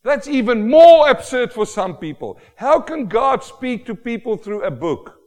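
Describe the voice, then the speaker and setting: A man preaching a sermon, swinging from quiet asides to loud, drawn-out emphasis. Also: very high voice, big pitch swings. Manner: dramatic swings from soft to loud, slows for emphasis. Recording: long reverb of a hall.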